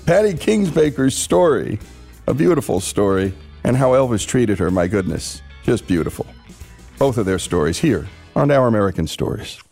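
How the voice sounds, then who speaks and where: Male radio host, mellow voice, earnest appeal over soft guitar. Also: mid-range voice, big pitch swings, normal speed, vocal fry. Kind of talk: radio narration and donation appeal. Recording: faint guitar music behind. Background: faint guitar music.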